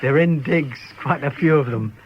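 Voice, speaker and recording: An older man guest on a radio show, telling lively stories from his touring days and acting out the characters. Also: on the high side, normal speed. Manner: lively storyteller who acts out the characters. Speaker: guest entertainer. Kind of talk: reminiscing radio chat. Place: radio studio. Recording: muffled old radio broadcast with faint hiss.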